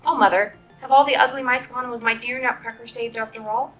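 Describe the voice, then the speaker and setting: A woman's voice: fairly high pitch, steady tone, fast, a bit bright, faint music behind, natural voice. A woman voicing an earnest, anxious young girl in a storybook reading, with a pleading tone.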